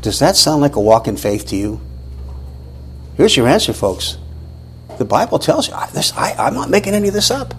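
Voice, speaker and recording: A man's voice: a little high, normal speed, long pauses, a little hiss or hum, poor audio. A man, teaching a Bible lesson as a sermon, questioning and restarting often. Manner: animated, questioning, many restarts.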